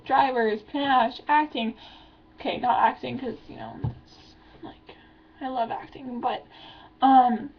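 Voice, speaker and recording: Stressed teen girl with a slightly high voice, venting in a rambling vlog, muffled low-fi sound. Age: teenager. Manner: rambling, filler-heavy, anxious venting. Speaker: vlogger. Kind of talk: confessional video diary.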